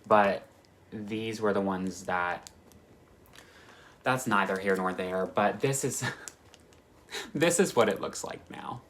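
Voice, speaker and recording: A man chatting excitedly as a cross-stitch vlogger, gushing about his stitching kits in a casual way. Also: fairly low pitch, takes it slowly, pauses often, a little hiss or hum. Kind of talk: casual chat.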